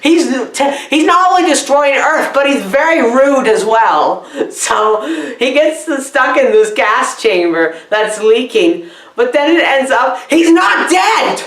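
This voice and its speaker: A dazed, accident-prone male film reviewer, played by a performer, giggles and wanders off track as he talks. His voice sits a bit high. The room around him rings with a noticeable echo. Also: expressive, takes it slowly, fairly bright tone, full character voice. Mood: giggly rambling. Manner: giggly, rambling, easily confused. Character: bumbling, injured, rambling male film reviewer. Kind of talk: comedic sketch review. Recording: roomy echo.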